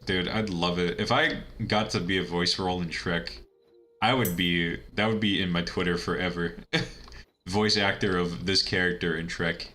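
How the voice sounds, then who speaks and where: A man's voice: sits low, fairly even intonation, normal speed, pushed and bright. A man giving casual, rambling commentary while playing a video game, chatty and laughing at his own asides. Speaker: let's-play gamer.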